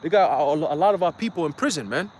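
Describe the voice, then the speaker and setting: Preacher, male, high voice, blunt and profane street-style sermon, faint traffic hum behind. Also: lively intonation, fast talker, darkish tone. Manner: blunt, profane, slangy and heated. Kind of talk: casual livestream preaching.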